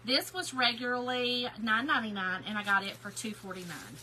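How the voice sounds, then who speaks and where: Chatty excitable woman, bright voice. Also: on the high side, brisk, slight background noise, rough recording. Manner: chatty and excitable, greets viewers by name. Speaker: craft channel host. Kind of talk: casual livestream haul chat.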